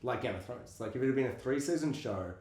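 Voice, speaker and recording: Speaking quickly at a medium pitch, a male co-host chats animatedly about films on a casual podcast. He swears often and performs quotes from scenes, and the recording has a roomy echo.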